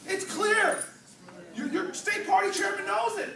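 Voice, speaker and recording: This man speaks unhurriedly in a very high, creaky voice with a sharp edge, giving a stirring, sermon-like political address full of playful storytelling and crowd call and response. The church hall recording is echoey and distant, with the crowd audible and a little hiss or hum.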